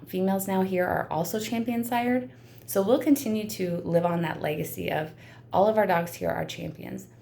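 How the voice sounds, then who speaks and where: A woman with a lowish voice and plenty of vocal fry speaks from her seat indoors. She talks to the camera as a dog breeder, earnest and emotional, with frequent ums between thoughts. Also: a little mellow. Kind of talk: heartfelt talk to camera. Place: seated indoors.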